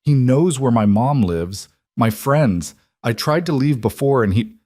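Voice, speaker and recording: A man voicing a frightened young woman who speaks in a hushed, halting way, pitched above his own voice. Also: big pitch swings, husky, dry recording.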